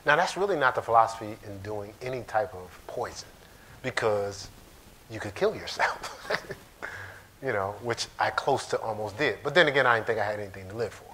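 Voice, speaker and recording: A man's voice: lowish voice, animated, moderate pace, bright, forceful tone, a little hiss or hum. A man pastor giving a casual, conversational sermon in a church, joking and talking straight to the congregation. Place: church sanctuary.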